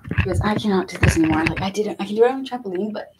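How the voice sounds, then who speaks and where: A woman's voice: medium pitch, racing, heavy background noise. Giggly young woman, nervous and breathless. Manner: giggly, nervous, talks to herself. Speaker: vlogger. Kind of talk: casual talk while exercising.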